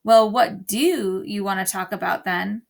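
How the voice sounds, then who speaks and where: A woman's voice: medium pitch, a little slow, vocal fry, a little mellow. A woman voicing a catty, snobbish teenage girl who talks in a mocking, uppity way in a read-aloud storybook.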